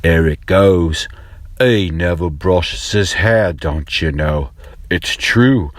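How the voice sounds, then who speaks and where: A man voicing a cheeky mock-British bloke who gossips in a slow, teasing drawl, recorded in a car. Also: sits low, no echo.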